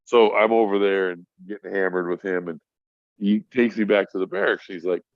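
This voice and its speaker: Middle-aged male podcast guest, deep voice, rambling war-story teller, swears freely, dry lo-fi sound. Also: normal speed, no room sound. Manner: profane, rambling, acts out voices in his stories. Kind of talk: casual storytelling. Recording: dry, dull lo-fi audio.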